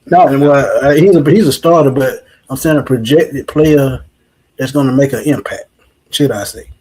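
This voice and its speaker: Husky-voiced man in his forties talking sports. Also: mid-range voice, normal speed, darkish tone, rough recording. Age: 40s. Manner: reflective, repeats "like I said". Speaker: sports show co-host. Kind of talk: casual sports talk.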